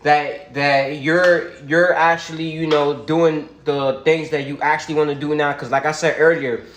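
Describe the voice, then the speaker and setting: Hombre joven en transmisión en vivo, sala con eco. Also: male voice, on the high side, level tone, normal speed, a bit bright, reverberant, slight background noise. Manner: supportive, says "bro" and "you feel me" often. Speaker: livestream host. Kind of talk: casual video call chat. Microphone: video call.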